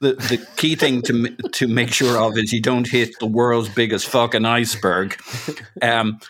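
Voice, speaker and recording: A man's voice: mid-range voice, a bit bright. A man co-hosting a casual football podcast, talking in long rambling turns, joking at himself and swearing now and then. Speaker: podcast co-host.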